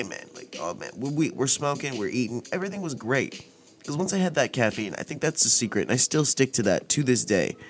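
A man hosting a casual storytelling podcast, telling a story in a laid-back, rambling, profane way. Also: mid-range voice. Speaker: podcast host.

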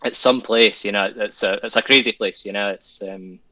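A man's voice: lowish voice, fairly even intonation, moderate pace, bright, forceful tone. A Scottish man, a guest, chatting casually, rambling and repeating himself with frequent chuckles. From Scotland. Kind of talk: casual chat.

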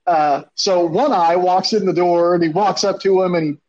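A man tells a rambling, profane story with lively energy, acting out the people in it. His voice sits a little high, and the recording sounds dull and lo-fi. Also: moderate pace, a little hiss or hum. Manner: animated, profane, acts out quotes. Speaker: storyteller on a podcast. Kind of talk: casual storytelling chat.

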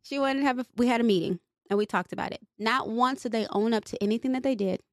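A young woman co-hosting a casual podcast, animated and venting, with curses dropping in freely. Her voice sits a little high and sounds dry and close. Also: fast talker, dry recording. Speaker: podcast co-host. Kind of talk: casual chat.

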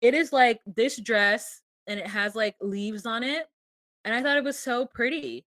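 A woman's voice: fairly high pitch, unhurried, fairly bright tone, no room sound, clean studio sound. A woman co-hosting a podcast, casually recapping a reality show with sarcastic, profane commentary and acted-out quotes. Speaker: podcast co-host.

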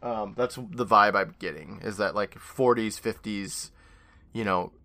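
Laid-back rambling young man, bright voice. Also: on the low side, measured pace. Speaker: podcast co-host. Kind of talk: casual chat.

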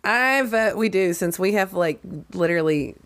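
Woman co-host, chatty and giggly, animated pitch, loose podcast banter. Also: normal speed. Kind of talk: casual podcast chat.

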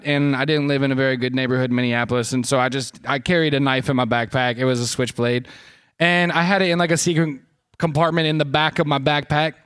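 A man's voice: fairly high pitch, fairly bright tone, clean tone. A man on a live podcast, telling a rambling, profane, self-mocking story as co-host.

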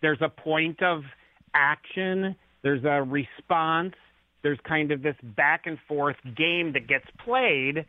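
A slightly high male voice, free of echo, comes through a tinny phone line in a radio interview. The speaker is an author and guest who tells stories to illustrate his ideas, acting out the lines as he quotes them.

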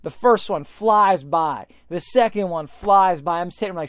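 A man hosting a podcast, telling a story in an animated way that speeds up and slows down. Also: high voice, clear, resonant tone, no echo, studio quality. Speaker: podcast host.

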